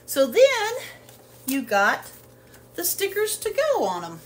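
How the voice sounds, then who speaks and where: A woman's voice: very high-pitched, wildly swooping pitch, takes it slowly. A woman chatting casually through a home haul video, rambling with lots of fillers, in her kitchen at home. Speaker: haul vlogger. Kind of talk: casual product haul chat.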